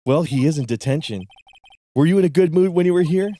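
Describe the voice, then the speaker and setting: A man's voice: fairly high pitch, lively intonation, brisk, dark tone. A man voicing an earnest young male defense lawyer in a game, in a slightly raised voice.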